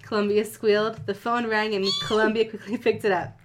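A woman with a mid-pitched voice reads a silly story aloud in a casual, joking way. She keeps stopping to crack crude jokes and swear with a friend, then goes back to the page. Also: level tone, a little fast, a little hiss or hum. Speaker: fan fiction reader. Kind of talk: casual comedic reading with banter.

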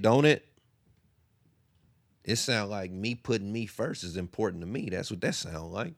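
A young man hosting a podcast from his basement, giving a candid, profane monologue that swings between quiet, low stretches and loud bursts. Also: expressive, normal speed, gravelly, pauses often, dry recording, clean studio sound. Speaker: podcast host. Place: home basement studio.

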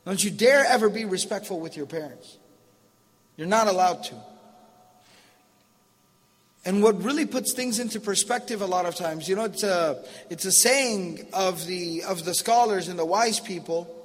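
A man in his thirties gives a sermon in a high voice for a man, telling stories casually with slangy asides. A long hall reverb trails behind each phrase. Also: normal speed. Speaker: preacher.

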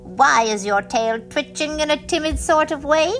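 Woman playing a little storybook rabbit, quizzical, high pointed questions, much higher than her own voice. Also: normal speed, fairly bright tone, soft background music.

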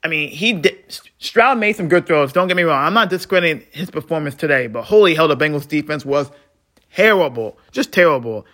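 A man hosts his own podcast with a bright, forceful voice pitched a little high. He rants bluntly and swears freely. He drops into tired mutters, then flares back up into heated outbursts. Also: lively intonation, a little fast. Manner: frustrated, swings between muttering and heated outbursts. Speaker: podcast host. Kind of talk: solo sports podcast rant.

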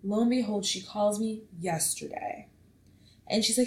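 A woman in her twenties hosting a casual solo podcast, chatty and animated, swearing freely as she tells stories. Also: mid-range voice, moderate pace. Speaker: podcast host. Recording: echoey room.

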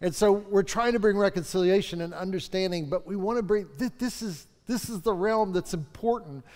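A man preaching a fervent sermon as pastor, stretching out key phrases for emphasis. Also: high voice. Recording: long reverb of a large hall.

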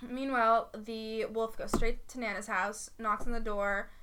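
A woman retelling a fairy tale in casual chat, giggling, saying "like" a lot and slipping into quick voices for the characters. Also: fairly high pitch, level tone, background noise.

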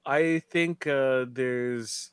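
A male co-host trading blunt, wisecracking takes in podcast chat. His pitch sits in the middle and his delivery is plainspoken. The recording is close and dry. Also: very slow, smooth, no room sound. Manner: blunt, joking, repeats phrases. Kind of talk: casual reality-TV recap chat.

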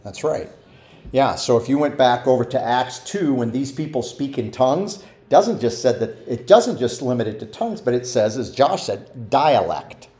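Man, Bible study teacher, animated intonation, roomy echo, questions to the group. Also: mid-range voice, moderate pace. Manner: asks the listeners questions, acts out quotes.

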